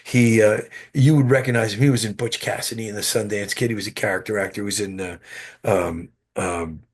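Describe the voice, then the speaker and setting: A man guest, an actor, telling animated stories in an interview with frequent restarts, heard over a video call. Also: fairly low pitch, brisk, husky. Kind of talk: interview storytelling.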